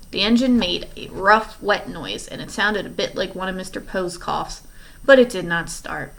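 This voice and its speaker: A woman reads a children's novel aloud in a steady storytelling manner. Her voice sits in a middle range. The pace is even and unhurried. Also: mid-range voice, gravelly. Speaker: reader.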